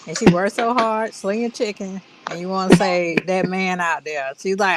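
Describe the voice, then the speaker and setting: Casual: woman chatting about a movie on a podcast, mid voice, lively retelling. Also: medium pitch, moderate pace, few pauses, very noisy. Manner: chatty, animated retelling with laughs. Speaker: movie review podcast co-host. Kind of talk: casual chat.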